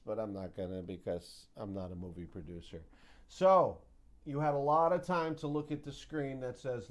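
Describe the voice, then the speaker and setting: A man's voice: lowish voice, darkish tone. A man hosting a casual market recap, chatty and joking, with sound-effect mimicry. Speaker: host of a trading recap show.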